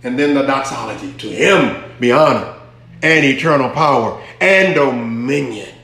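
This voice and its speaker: A man's voice: medium pitch, animated, moderate pace, a bit bright. A man preaching a teaching sermon, repeating key phrases emphatically and drawing answers from the congregation. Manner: repetitive, emphatic teaching with call-and-response. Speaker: pastor. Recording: very echoey hall.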